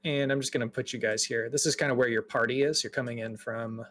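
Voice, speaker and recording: A man narrating a tabletop game as game master, relaxed and descriptive. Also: mid-range voice, quick pace. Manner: relaxed, laughs often, descriptive.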